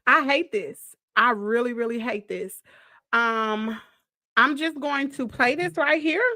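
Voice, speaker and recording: Woman hosting a live stream, high and bright, chatty and emphatic, calls the viewers girl. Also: no room sound, studio quality. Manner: chatty, addresses viewers directly and calls them girl and y'all; drawn-out exclamations and emphatic repeats. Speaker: host of a live gossip stream. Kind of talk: casual live-stream chat.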